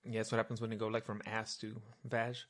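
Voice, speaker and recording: A man's voice: lowish voice, completely flat delivery, fast talker, fairly bright tone. A man co-hosting a podcast, cutting in with dry jokes and short remarks in casual chat. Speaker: podcast co-host.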